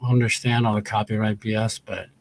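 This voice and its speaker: A man's voice: on the low side, little pitch movement, brisk. A man ranting on a livestream, angry and profane, repeating his points over and over. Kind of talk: heated livestream rant.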